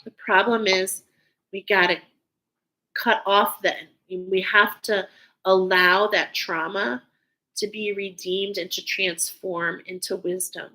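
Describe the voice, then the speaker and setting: A woman's voice: mid-range voice, fairly even intonation, slow, pushed and bright, low-quality recording. A woman giving a spiritual card reading to her viewers, speaking in soothing, affirming phrases and openly emotional. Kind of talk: intuitive tarot-style reading to viewers.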